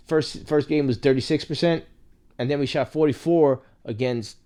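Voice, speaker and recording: A man's voice: fairly high pitch, moderate pace, mellow. A young man co-hosting a casual sports podcast, rambling as an impatient fan. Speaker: podcast co-host.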